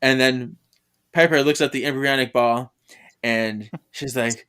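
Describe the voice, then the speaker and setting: A podcast co-host in casual chat, retelling comic scenes with expressive quoted lines. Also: medium pitch, unhurried, clean tone.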